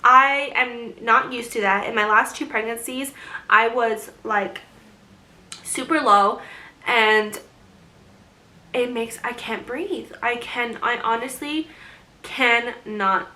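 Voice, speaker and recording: A woman's voice: fairly high pitch, slow, pauses often, bright, forceful tone. A young woman chatting in a casual vlog, rambling and laughing often, short of breath as she talks. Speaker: vlogger. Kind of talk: casual pregnancy update vlog.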